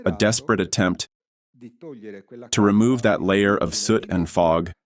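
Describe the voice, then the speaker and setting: A man's voice: on the low side, measured pace. Indignant Italian man ranting on stage. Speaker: conference speaker. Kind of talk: impassioned lecture. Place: theatre with audience.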